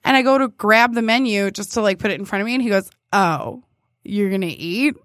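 A woman's voice: fairly high pitch, very fast, dry recording, clean studio sound. A woman casually telling a dating story, laughing often and acting out what people said. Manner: animated, laughs often, acts out quoted lines. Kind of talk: casual chat, storytelling about a date.

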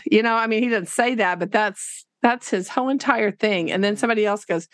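Animated woman teacher. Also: fairly high pitch, fairly quick, hardly any pauses, no echo, clean studio sound. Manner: animated, laughing, acts out quotes. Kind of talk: casual storytelling interview.

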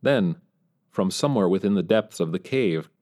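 Male narrator, lowish voice, measured audiobook reading. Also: expressive, a little mellow. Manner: measured storytelling. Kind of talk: scripted narration.

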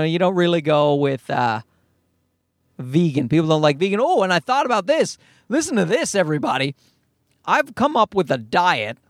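A man's voice: on the high side, no echo, clean studio sound. A man hosting a podcast, rambling through a profane comedic monologue with bursts of mocking put-on voices. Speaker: podcast host.

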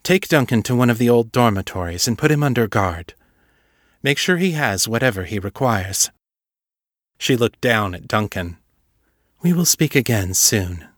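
A man voicing a formal, measured woman ruler in an audiobook reading. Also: mid-range voice, animated, no room sound, clean studio sound, close to an everyday voice.

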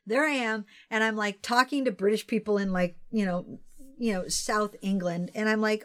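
An American woman co-hosting a casual chat, telling stories in an animated, swearing rant. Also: mid-range voice, normal speed. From United States. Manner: animated, profane, storytelling rant. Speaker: podcast co-host.

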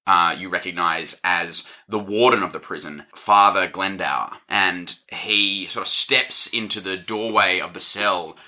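A man's voice: sits low, unhurried, few pauses, bright, forceful tone. A man narrating as game master of a tabletop game, playful and rambling.

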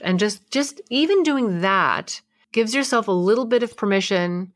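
Woman co-host, animated advice-giver, dry studio sound. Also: mid-range voice, moderate pace, no echo. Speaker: co-host giving emotional advice. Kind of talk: casual advice chat.

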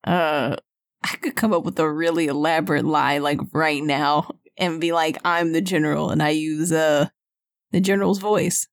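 A woman's voice: deep voice, steady tone, normal speed. A woman playing a tabletop game, talking casually with lots of hesitations. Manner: hesitant, many fillers and restarts. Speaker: player.

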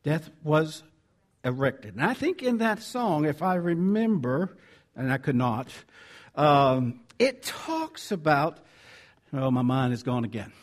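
A man with a Southern American accent preaches slowly in a fairly high-pitched voice. His pastoral sermon is animated and conversational, mixing in scripture reading and self-corrections.

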